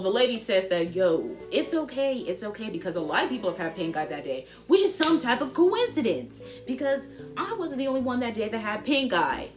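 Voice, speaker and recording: A teenage girl vlogger telling a school story in an animated, slangy way, full of asides. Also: mid-range voice. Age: teens. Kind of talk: storytime vlog.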